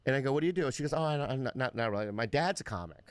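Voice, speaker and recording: A man's voice: medium pitch, racing, clean tone, no room sound. A man in his fifties rambling and stammering through a story in a casual podcast chat. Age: 50s.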